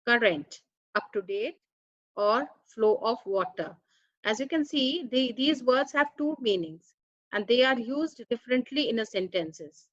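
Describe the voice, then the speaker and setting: An expressive woman with a high-leaning, slightly bright voice gives a slow, explanatory grammar lesson, reading each word and its meaning deliberately one by one. The recording is dry and lo-fi.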